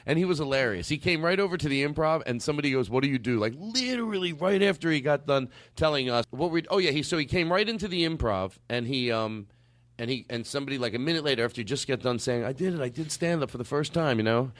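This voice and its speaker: A man's voice: medium pitch, expressive, fast, a bit bright, no room sound. A middle-aged man hosting a comedy podcast with guests, joking loosely, swearing, and running mock-serious bits. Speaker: podcast host.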